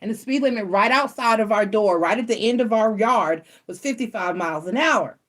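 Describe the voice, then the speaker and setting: A woman's voice: on the high side, fairly quick. A middle-aged woman hosting a casual chat from home, telling stories bluntly and acting out the voices of the people in them. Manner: animated, blunt, swears casually, acts out quoted voices. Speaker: tarot reader and channel host.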